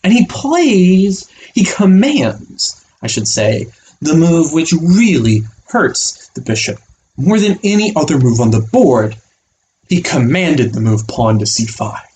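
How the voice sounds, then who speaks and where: Animated man teaching chess. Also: a little high, slow, a little hiss or hum. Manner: animated, playful, voices pieces as characters. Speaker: chess coach. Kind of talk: online chess lesson.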